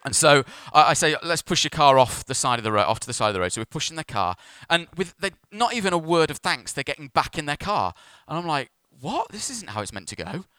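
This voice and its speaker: Bright, clear-voiced pastor preaching. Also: male voice, a little high, fast, few pauses, dry recording. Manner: storytelling, self-mocking humour, animated. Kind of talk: sermon. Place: church.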